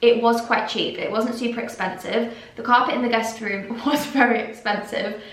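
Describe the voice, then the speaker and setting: A woman's voice: a little high, fairly even intonation, moderate pace. Chatty young woman vlogging at home. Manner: chatty, gushing, slightly tearful at times. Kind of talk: casual chat to camera. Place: at home indoors. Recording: echoey room, a bit far from mic.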